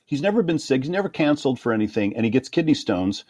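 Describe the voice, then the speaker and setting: A middle-aged man, a conductor, telling career stories in an interview, acting out other people's voices with quick laughs. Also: medium pitch, no echo. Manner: animated anecdotes, acting out quoted voices with laughs. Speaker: guest conductor. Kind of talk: storytelling interview.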